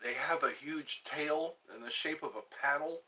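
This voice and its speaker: This livestream host has a fairly high voice with a bright, forceful tone. He munches on food while chatting slowly and aimlessly, welcoming viewers, answering comments, and restarting words here and there.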